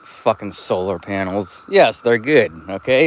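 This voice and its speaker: A rambling, cursing man vlogs while walking around an open lot outdoors, telling stories in a profane, chatty way. His voice is mid-range at a normal speed, with a little hiss or hum.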